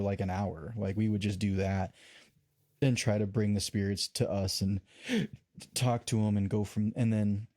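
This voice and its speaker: Relaxed deep-voiced male podcast host. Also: no room sound, studio quality. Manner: relaxed, rambling, many fillers. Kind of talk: casual group chat.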